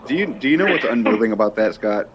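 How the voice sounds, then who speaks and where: A man on a group internet call, talking in a deliberate, analytical way. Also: on the low side, lively intonation. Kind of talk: casual call chat. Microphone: computer mic on a video call. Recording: dull lo-fi call audio with faint noise.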